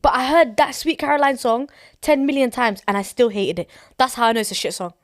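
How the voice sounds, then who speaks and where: Casual podcast co-host, a woman: blunt and animated, swears a lot, fairly high voice, dry close sound. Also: brisk, dry recording. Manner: blunt, animated, swears freely, bursts into song. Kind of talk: casual chat.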